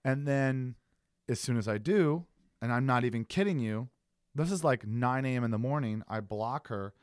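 Animated man telling a story, dry sound. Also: medium pitch, moderate pace, smooth, dry recording. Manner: animated storyteller, swears, acts out texts he received. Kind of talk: casual storytelling chat.

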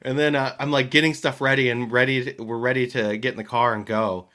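A man in his thirties, a podcast co-host, telling an animated family anecdote in casual chat and laughing often. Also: mid-range voice, fairly quick.

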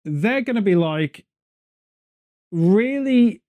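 A man's voice: sits high, animated, extremely slow, phone-quality sound. Rambling British man on a podcast. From Britain. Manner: rambling, jokey, goes off on tangents. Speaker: podcast host. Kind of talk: casual chat.

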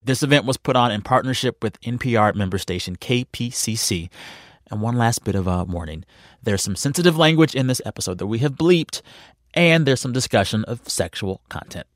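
A man's voice: medium pitch, lively intonation, brisk, no echo, studio quality. A man reading a scripted podcast introduction with a warning about content. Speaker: podcast host introducing episode.

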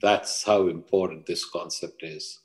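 A man's voice: sits low, steady tone, measured pace. A man, a leadership coach, speaking as an interview guest and explaining his ideas with emphatic parables and stories. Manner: emphatic teacher, tells parables. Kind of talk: interview talk with storytelling.

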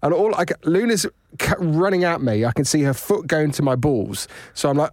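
A man's voice: on the high side, moderate pace, no room sound. A man with a slightly raised voice tells a story with lots of energy, laughing often and acting out the people in it. The sound is dry and close to the mic, with no room around it. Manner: animated, laughing, acts out voices in anecdotes. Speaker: podcast co-host. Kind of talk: casual storytelling chat.

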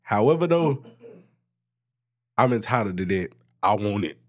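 A man co-hosting a podcast, telling a story about work in a casual, swearing, animated way. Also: unhurried. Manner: animated storytelling, swears freely, jumps high in pitch when excited. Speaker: podcast co-host. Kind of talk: casual chat.

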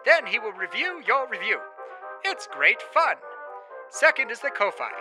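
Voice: mid-range voice, big pitch swings, normal speed, close to an everyday voice, poor audio. A performer voicing a chipper gnome radio host reading announcements in an upbeat, announcer-like way, with music underneath. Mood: cheerful. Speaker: show host for mid-show break. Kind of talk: scripted announcement.

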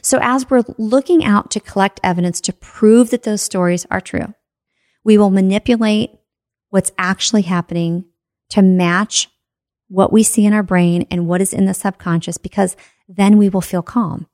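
A woman's voice: medium pitch, steady tone, moderate pace, a little mellow, no room sound, studio quality. Emphatic woman giving a motivational talk. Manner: emphatic, rhetorical questions, frequent "right?". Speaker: personal growth speaker.

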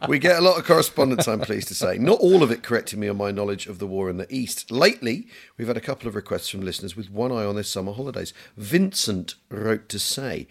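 A man's voice: lowish voice, expressive, fast, gravelly, few pauses. A middle-aged English man co-hosting a history podcast, joking and rambling with lots of fillers and restarts. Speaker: podcast co-host. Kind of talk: casual chat.

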